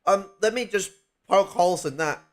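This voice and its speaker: A man with a voice a little higher than most men's, making his case in a casual political discussion. He argues point by point, pokes holes in other views and swears often. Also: normal speed. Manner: argumentative, swears freely, explains at length.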